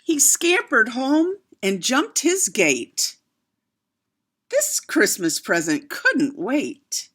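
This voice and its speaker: A woman reading a children's picture book aloud, expressive, with chatty asides to her young listeners. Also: high-pitched, drawn-out words, slightly rough. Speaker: storyteller.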